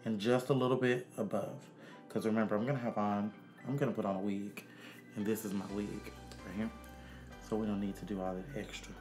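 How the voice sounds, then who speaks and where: A man's voice: lowish voice, little pitch movement, brisk, a little mellow, soft background music. A man, a makeup artist giving a sassy, chatty casual makeup tutorial. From Arkansas, USA. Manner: sassy and chatty, calls viewers honey and child.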